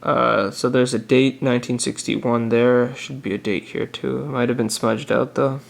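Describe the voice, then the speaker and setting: A young man talking casually through his banknote collection for a vlog, relaxed and halting, pausing with "uh" as he reads dates off the notes. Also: medium pitch, gravelly. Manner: relaxed, halting, many "uh" pauses while reading notes. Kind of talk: casual show-and-tell vlog.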